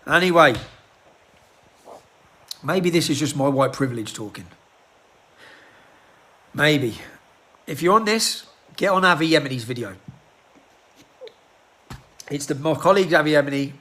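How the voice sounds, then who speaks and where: A man delivering an agitated rant into his handheld phone, firing off rhetorical questions and clearing his throat. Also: on the high side, a bit bright. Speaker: political activist. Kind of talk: impassioned rant to a phone camera.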